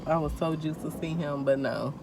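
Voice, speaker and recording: A young woman telling a story in casual chat while eating, animated, acting out quotes and laughing often. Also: low-pitched, normal speed, noisy background. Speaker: co-host.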